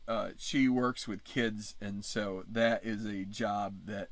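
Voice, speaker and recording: A man's voice: on the low side, fairly even intonation, slow pace. A man hosting a casual livestream chat, rambling and often breaking off to restart his sentences. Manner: rambling, self-interrupting. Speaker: channel host.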